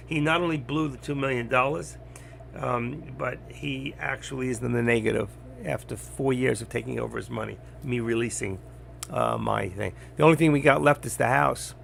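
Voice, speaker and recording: Gravelly blunt man on a live stream. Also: medium pitch, slight background noise. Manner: blunt, rambling, gets loud when teaching. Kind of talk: casual live-stream talk.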